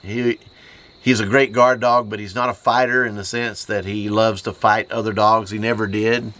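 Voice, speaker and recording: Outdoors on his farm in the Appalachian mountains, a man hosts his homestead channel in a grieving personal vlog, choked up with grief. His voice is hoarse and lower than usual, with a level, sharp tone, and his halting speech is full of pauses and repeats.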